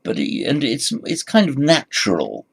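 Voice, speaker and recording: A man teaching a recorded class, speaking in a halting way with frequent repeated words and fillers. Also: mid-range voice, huge pitch swings, gravelly, breathy edge. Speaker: Sanskrit teacher. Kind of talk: recorded lecture.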